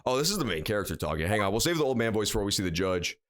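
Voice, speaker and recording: A man hosting a let's play, chatting casually and joking with plenty of swearing while he thinks out loud. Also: fairly low pitch, very animated, racing. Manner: jokey, profane, thinking out loud. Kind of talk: casual gaming commentary.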